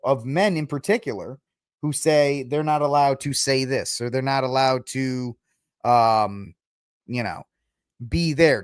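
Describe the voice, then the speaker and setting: A man's voice: mid-range voice, dry recording, clean studio sound. A man hosting a podcast, talking through the news in a rambling, sarcastic way and laughing at his own jokes. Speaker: podcast host. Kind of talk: casual political commentary.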